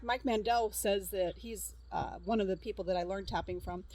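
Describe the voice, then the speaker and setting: A woman's voice: medium pitch, rough recording. A middle-aged woman, a counselor, casually demonstrating a tapping technique outdoors, chatty and repeating short cue phrases, with an easy laugh. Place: outdoors at a farm.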